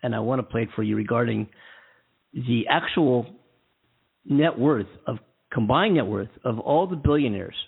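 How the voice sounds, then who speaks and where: A man's voice: mid-range voice, animated, moderate pace, vocal fry, pauses often, breathy edge. A man hosting a podcast alone, chatting casually and rambling with lots of fillers and restarts. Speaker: podcast host. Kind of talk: casual solo podcast chat. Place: California. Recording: tinny phone-like line.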